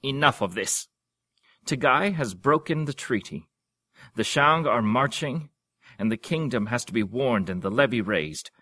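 A man's voice: mid-range voice, expressive, measured pace, sharp tone, no room sound, voice pushed up. A man voicing a stern young king in a read-aloud story, speaking in a formal, commanding way. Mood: impatient.

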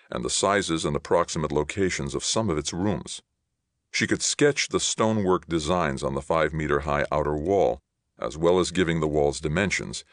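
A man giving a steady, measured audiobook reading of a science fiction novel. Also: extremely low pitch, dry recording, clean studio sound. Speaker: audiobook reader. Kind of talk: scripted narration.

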